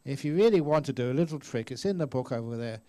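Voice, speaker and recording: A man's voice: mid-range voice, lively intonation, fast, mellow. Man in his 60s, Buddhist teacher, chatty storyteller style. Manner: chatty storyteller, acts out voices, laughs often. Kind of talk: dharma talk answering questions. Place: meditation retreat hall.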